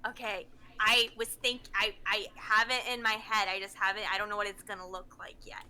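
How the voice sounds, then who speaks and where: A woman playing a tabletop game, excitable and giggly, gushing over her character. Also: medium pitch, brisk. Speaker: player. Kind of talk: tabletop game play, casual chat.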